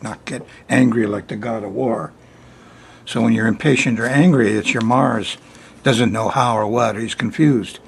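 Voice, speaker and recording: An older man hosts a weekly sky report, giving a casual spoken astrology forecast in a chatty, folksy style and laughing often between points. His voice is mid-range and creaky, with a little hiss or hum.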